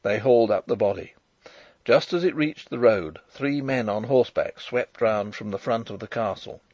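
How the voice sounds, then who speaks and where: A man reading a novel aloud as an audiobook narrator, in a measured, dramatic storytelling manner. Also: fairly low pitch, a little mellow, dry recording. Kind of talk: first-person audiobook narration.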